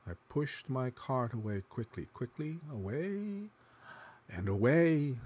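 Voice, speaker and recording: A man reading literary fiction aloud in the first person, musing and dramatic, sometimes dropping to a hush. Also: medium pitch, sing-song, slow pace, husky, no room sound. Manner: dramatic, shifting between musing and hushed tones. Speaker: narrator.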